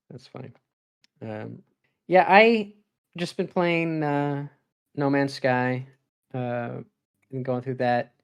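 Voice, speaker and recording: A young man co-hosting a casual gaming podcast rambles through his stories and laughs often, his middle-pitched voice leaping upward whenever he acts out his own reactions, which keeps things animated. He talks extremely slowly with frequent pauses, in a clear, resonant tone.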